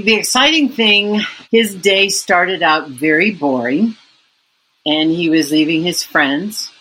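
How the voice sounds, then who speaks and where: A woman's voice: fairly low pitch, a bit bright, slightly rough, rough recording. A woman author being interviewed, talking in a chatty, rambling way. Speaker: author guest.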